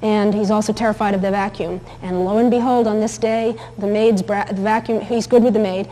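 A woman's voice: mid-range voice, steady tone, brisk, mellow, big-room sound, poor audio. A woman teaching about dog behavior in a chatty, anecdotal lecture, with many fillers and restarts. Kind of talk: recorded lecture with video clips.

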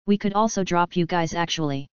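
A woman voices a caring young woman who speaks softly and with concern. Her voice is clean and a bit low. The sound is dull and dry. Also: fairly quick, smooth, no room sound, close to an everyday voice. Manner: soft, concerned.

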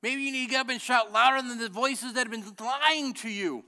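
A man's voice: very high-pitched, brisk. Impassioned middle-aged man preaching. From Illinois. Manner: impassioned preaching that builds to shouting. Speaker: pastor. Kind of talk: sermon. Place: church sanctuary.

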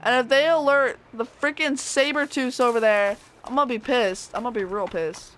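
A woman commentating as she plays a video game, chattering to the enemies and squeaking up high when she panics. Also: normal speed. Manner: excitable, talks to enemies, voice shoots up when panicked. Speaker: gameplay streamer. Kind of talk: let's play commentary.

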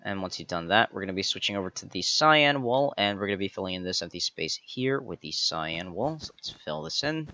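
A man's voice: deep voice, lively intonation, fairly quick, creaky, few pauses, bright, forceful tone, no echo, highs cut off. A man hosting a step-by-step game building tutorial, methodically counting each block aloud as he places it. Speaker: tutorial host.

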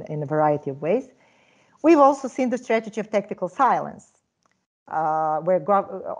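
A woman's voice: lowish voice, dark tone. A woman presenting at an online workshop, laying out strategies step by step in an explanatory manner. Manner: explanatory, lays out strategies in numbered steps.

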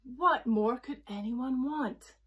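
Storybook grumpy male unicorn, loud and snappish, high husky voice, put on by a woman. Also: takes it slowly, heavily acted. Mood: bossy. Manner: loud, snapping, self-important.

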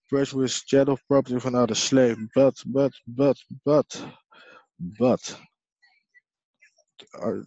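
A man hosting his own video talks slowly in a low, mellow voice. He reads dictionary definitions in a halting, rambling way and keeps apologizing. The recording is dry and dull, with a lo-fi sound. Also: no room sound. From Haiti. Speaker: video host. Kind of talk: casual reading of dictionary definitions.

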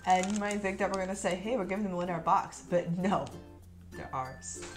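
A woman reviewing snacks in a casual, excitable chat, gushing and bursting into laughs. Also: medium pitch, racing, faint music behind.

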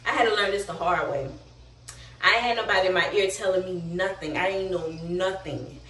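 A woman's voice: fairly low pitch, brisk, sharp tone, slight background noise. A young woman vlogging in a candid, slangy, chatty way, a little out of breath. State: slightly out of breath. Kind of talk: casual vlog storytelling. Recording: echoey room, distant mic.

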